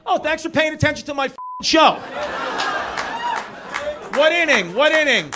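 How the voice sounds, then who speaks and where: A high-voiced man with a New York accent works the crowd from a club stage, firing off loose, teasing jabs. The audience laughs loudly around him. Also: lively intonation, moderate pace, pauses often, background noise. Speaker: stand-up comedian. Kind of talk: stand-up crowd work.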